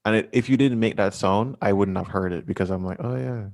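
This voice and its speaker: Lowish gravelly dude podcasting, kinda halting, repeats himself, swears a bit. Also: male voice, darkish tone. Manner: laid-back, halting, repeats words, swears casually. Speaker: podcast co-host. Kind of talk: casual chat.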